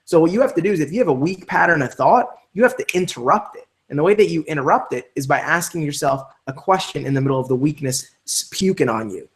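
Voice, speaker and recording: A man leading a live online training session for network marketers, talking in an energetic, emphatic coaching way. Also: on the high side, fast, hardly any pauses.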